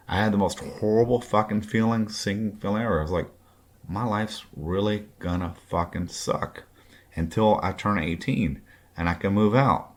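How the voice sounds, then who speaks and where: A man in his late forties from Kentucky tells a raw personal story on his podcast, blunt and heavily profane. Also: low voice. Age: late 40s. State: drinking. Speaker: podcast host.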